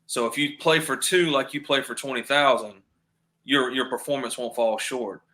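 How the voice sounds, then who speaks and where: A male podcast guest with a mid-range voice, fairly even intonation, and a sharp tone chats casually at a moderate pace. He tells stories, acting out quoted voices and repeating himself in a drawl.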